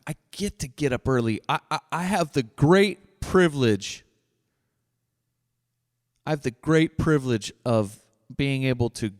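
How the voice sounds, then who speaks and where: A middle-aged man hosting his own podcast, delivering a blunt, profane solo rant. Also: medium pitch. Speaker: podcast host. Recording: dry voice with long reverb tail.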